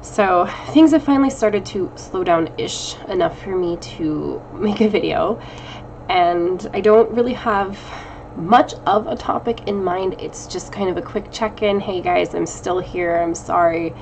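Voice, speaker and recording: A witchcraft vlogger in her thirties does a rambling, self-deprecating personal check-in with her viewers, recorded at home on a camera mic. Her medium-pitched voice is unhurried and a little mellow, and she's chatty and laughs often. The audio is poor, with slight background noise.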